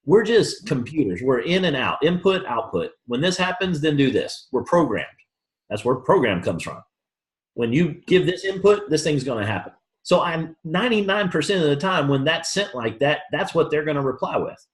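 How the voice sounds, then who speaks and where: A man's voice: fairly high pitch, normal speed. A man giving a motivational sales training talk to a room, acting out both sides of the conversations he tells about. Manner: animated storytelling, acts out both sides of conversations. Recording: roomy echo.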